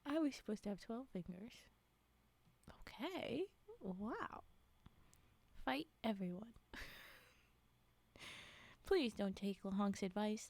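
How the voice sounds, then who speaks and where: A woman's voice: on the high side, a little mellow. A young woman streamer chatting with her live chat, giggling and sleepy, reacting in exasperated disbelief. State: yawning, sleepy. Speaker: streamer reading stories to chat.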